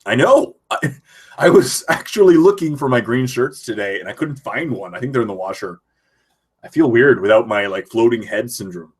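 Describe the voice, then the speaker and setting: A man's voice: mid-range voice, lively intonation, moderate pace, slightly rough. A young man from Canada hosting a casual live stream from his computer at home, reading viewer chat aloud and answering it.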